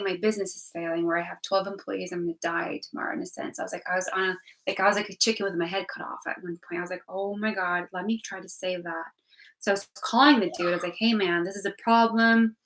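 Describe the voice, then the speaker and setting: A young woman talks straight to her viewers in a loose, rambling livestream update. Her talk is full of "like" and "you know", and she swears now and then without a second thought. Her voice sits at a middle pitch. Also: fairly even intonation, quick pace, a bit bright, low-quality recording. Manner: rambling, frank, with filler "like" and swearing. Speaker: vlogger.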